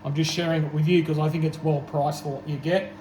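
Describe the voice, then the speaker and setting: A man's voice: fairly high pitch, little pitch movement, quick pace. A man with an Australian accent, casually narrating his work in a home workshop with self-deprecating jokes. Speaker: home machinist. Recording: echoey workshop with loud machine noise.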